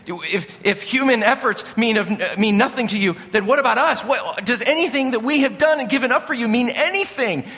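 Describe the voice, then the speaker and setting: Anxious pleading male disciple put on by a preacher, high strained voice, bright tone, long hall reverb. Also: lively intonation, brisk, hardly any pauses, heavily acted. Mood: frantic. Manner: frantic, pleading, raised voice.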